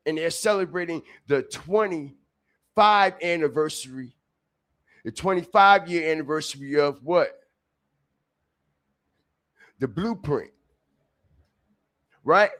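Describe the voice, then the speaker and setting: Slow-talking, profane New man streaming. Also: fairly high pitch, fairly bright tone. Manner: profane, repetitive, preachy call-outs to viewers. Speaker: live stream host. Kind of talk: street commentary livestream.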